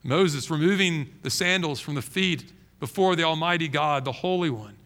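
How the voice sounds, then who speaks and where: A man preaching a sermon as pastor, emphatic and animated, often restarting his phrases. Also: on the high side, moderate pace.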